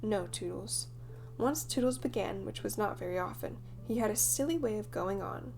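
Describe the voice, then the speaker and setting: A woman reading a children's audiobook as narrator, in lively storytelling. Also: medium pitch, fairly quick, creaky, a little hiss or hum. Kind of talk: scripted narration.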